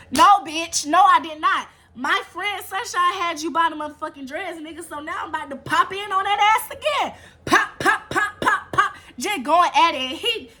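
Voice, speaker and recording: A woman telling a casual storytime tale, animated and profane, with fight sound effects. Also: high-pitched. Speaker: storyteller vlogger.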